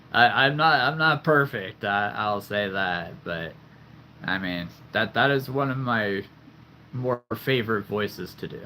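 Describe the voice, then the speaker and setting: A man's voice: lowish voice, animated, slow, pauses often, bright, forceful tone, slight background noise. A young man from the central United States hosting a casual livestream, chatty and enthusiastic, laughing easily. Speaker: livestream host.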